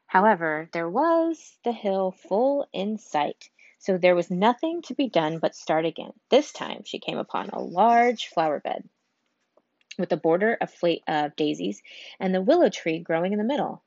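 A woman's voice: fairly low pitch, animated, gravelly, darkish tone, no echo, dull audio. Woman reading a storybook aloud. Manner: unhurried, stumbles and restarts on words. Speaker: reader.

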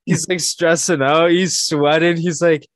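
Excitable man recounting a game, dry sound. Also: a little high, unhurried, dry recording. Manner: excitable storyteller, acts out quotes. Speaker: podcast guest. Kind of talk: casual sports chat.

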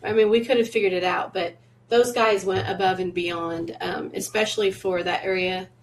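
A woman's voice: medium pitch, steady tone, normal speed, poor audio. A woman from Missouri, co-hosting a podcast, recalling a road trip in casual chat and filling in details. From Missouri, USA. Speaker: podcast co-host.

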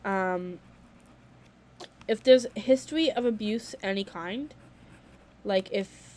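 A woman's voice: medium pitch, takes it slowly, a little mellow. A young woman talking casually to camera in a vlog, candid and blunt, swearing freely and filling her speech with "like.".

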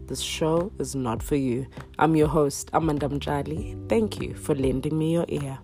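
A woman's voice: sits low, moderate pace, hardly any pauses, music in the background. A woman hosting a podcast, chatting in a rambling, playful way. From South Africa. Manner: rambling, playful, laughs often. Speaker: podcast host. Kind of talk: casual podcast chat.

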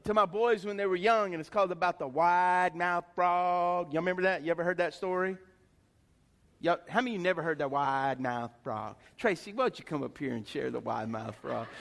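A middle-aged man preaching a sermon in a folksy, animated way, with chatty asides to the congregation. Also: fairly high pitch, vocal fry, in a large hall. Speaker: pastor.

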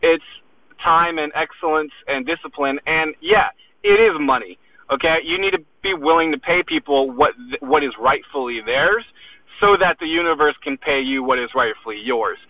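A man's voice: on the high side, normal speed, no echo. A man giving an aggressive, profane motivational rant, hammering his points with "okay?". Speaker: weights seller. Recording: tinny phone-like recording.

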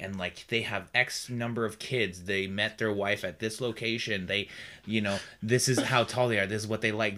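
This is a man from the US West Coast co-hosting a laid-back podcast chat. He teases his friend and breaks into laughter often, and his pitch sits in an ordinary middle range. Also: a bit bright. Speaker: podcast co-host. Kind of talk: casual chat.

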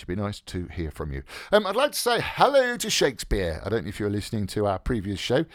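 A man's voice: sits low, dry recording, clean studio sound. A man hosting a literary radio podcast, chatting casually in a rambling, jokey way full of fillers. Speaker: podcast host.

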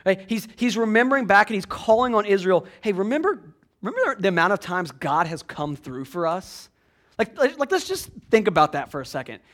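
High-voiced man preaching a conversational sermon. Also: very animated, moderate pace. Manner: conversational preaching with frequent "right?" asides. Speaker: pastor.

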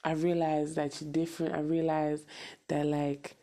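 Gravelly-voiced woman venting bluntly. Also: deep voice, level tone, normal speed, warm tone. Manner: blunt, profane, emphatic repetition. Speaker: podcast host. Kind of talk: casual venting monologue.

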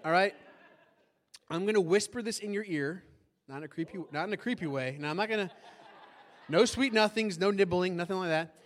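High-pitched guy pastor preaching in church, animated, lots of questions to the crowd. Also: fairly quick, pauses often. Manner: animated, asks the congregation questions. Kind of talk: sermon. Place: church sanctuary.

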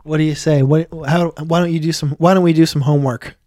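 A man co-hosting a podcast with wry, teasing humor and a mellow, fairly high voice. His voice sits dry and close to the mic. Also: steady tone, fast, dry recording. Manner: wry, teasing, laughs often. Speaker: podcast co-host. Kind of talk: casual comedic banter.

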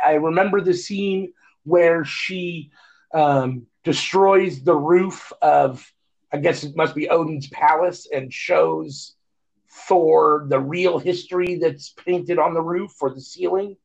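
A man co-hosting a casual podcast, his voice gravelly and sitting a bit high. He rambles and pauses on fillers, restarting his thoughts. The sound is dull and lo-fi, as if picked up through a phone. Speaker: podcast co-host. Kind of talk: casual chat.

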